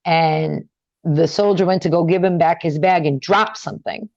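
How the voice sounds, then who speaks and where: A woman's voice: moderate pace, gravelly, dry recording. Young woman telling her story in an interview, lots of "like", dull dry sound. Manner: animated, many fillers, rising high when upset. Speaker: interview guest. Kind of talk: casual storytelling.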